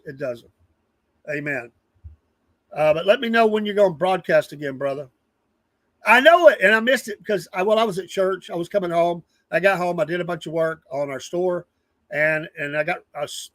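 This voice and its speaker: A man's voice: on the high side, a bit bright, no room sound. A man, hosting a casual live stream, rambling earnestly and greeting viewers from the chat by name. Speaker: livestream news show host.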